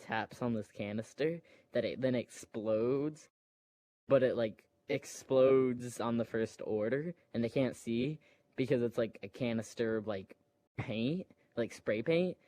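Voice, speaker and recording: A man's voice: mid-range voice, a little slow, warm tone. A man casually retelling a film scene by scene, full of fillers, acting out moments and sound effects.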